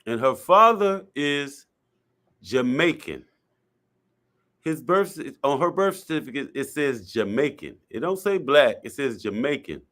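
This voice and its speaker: A man's voice: medium pitch, expressive, unhurried, a bit bright. A man talking casually and bluntly, explaining his view at length with repeated points and slang. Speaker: guest speaker. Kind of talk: casual discussion.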